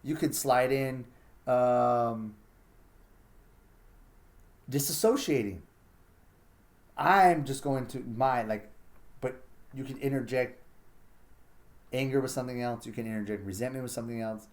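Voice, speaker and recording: A man's voice: mid-range voice, measured pace, pauses often. A man hosting a casual solo monologue, blunt and profane, acting out his own inner thoughts as he talks. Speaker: podcast host.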